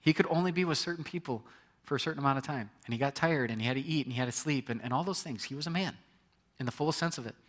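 A man's voice: mid-range voice, very fast. A man preaching a sermon in a conversational way, reading scripture aloud and often restarting his words. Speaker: pastor.

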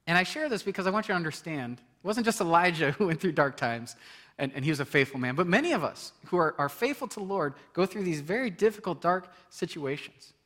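Speaking as a pastor, a middle-aged man preaches with a fairly high, animated voice at a fairly quick pace. He keeps it conversational, laughs frequently, and alternates between loud emphasis and soft, quiet moments.

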